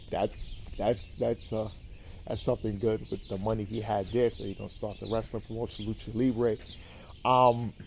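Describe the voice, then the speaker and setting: A man's voice: lowish voice, flat delivery, measured pace, gravelly, a little mellow, slight background noise. A man hosting a show, casually recapping a series in a rambling, profane way with lots of ums and repeated words.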